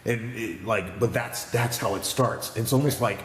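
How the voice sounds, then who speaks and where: A man with a fairly low voice tells stories in a casual podcast, animated and rambling, breaking off and restarting. The sound is echoey, with a long reverb tail and a faint background hiss. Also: moderate pace. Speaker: podcast co-host.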